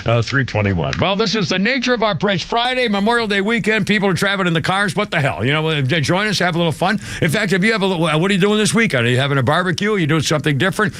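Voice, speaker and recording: A man's voice: sits high, expressive, very fast, few pauses, a bit bright. A man hosting a live radio talk show, rambling and irreverent with blunt asides. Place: radio studio.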